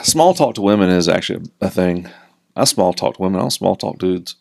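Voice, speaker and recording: Rambling Southern man, lively voice. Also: deep voice, a little fast, gravelly. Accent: Southern American. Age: middle-aged. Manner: rambling, jokey, plays voices in quotes. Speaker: podcast co-host. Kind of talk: casual podcast banter.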